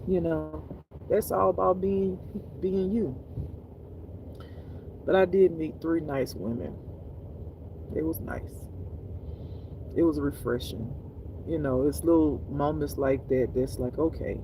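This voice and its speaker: A tired man chatting casually to viewers on a live stream from his phone, animated and laughing often as he talks. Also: fairly high pitch, slow, long pauses, background noise. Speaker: spiritual reader streaming live.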